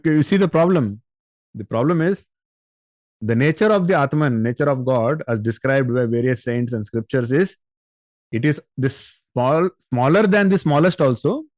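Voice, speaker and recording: A man's voice: a little high, darkish tone, no room sound. Patient male spiritual teacher, dry sound. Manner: patient, explanatory, with rhetorical questions to listeners. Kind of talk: spiritual discourse on scripture.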